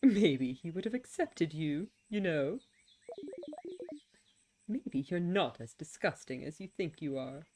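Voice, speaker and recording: A woman's voice: low-pitched, lively intonation, slow, long pauses, a little mellow, a little hiss or hum, voice pushed down. A woman reading aloud the lines of a mocking, theatrical star-like being in a video game, with a dramatic, taunting delivery. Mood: soft taunting. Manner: dramatic, taunting, mock-wounded.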